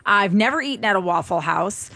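A woman's voice: medium pitch, expressive, fairly quick, bright, forceful tone, dry recording. Woman co-host, casual radio banter, dry close studio sound. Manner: joking, conversational. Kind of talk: casual talk radio chat.

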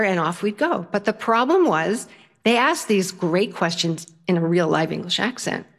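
An older woman telling a humorous personal story to an audience, lively and self-mocking. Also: mid-range voice.

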